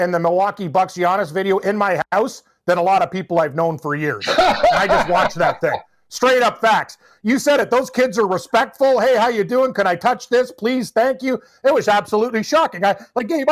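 A man co-hosting a sports talk show, enthusiastic and emphatic in casual chat. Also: sits high.

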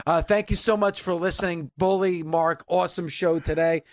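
Male podcast host, high pitch, earnest polished outro reads, dry studio sound. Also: steady tone, normal speed, no echo. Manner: earnest, polished, thanking and wrapping up. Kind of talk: hosting and outro read.

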